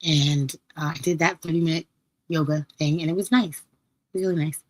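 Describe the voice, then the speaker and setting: A woman hosting a live podcast stream, her voice a little hoarse as she recovers from losing it, chatting casually and playfully with listeners. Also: deep voice, steady tone, fairly quick, darkish tone, dry recording, rough recording. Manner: chatty, laughing, storytelling with playful quoted asides. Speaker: podcast host.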